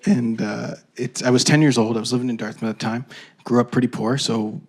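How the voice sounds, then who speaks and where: A man performing a stand-up comedy set on stage, telling stories with animated delivery and voiced characters. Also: mid-range voice, fairly quick. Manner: animated storytelling with shouted bits and voiced characters. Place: comedy stage before a laughing audience.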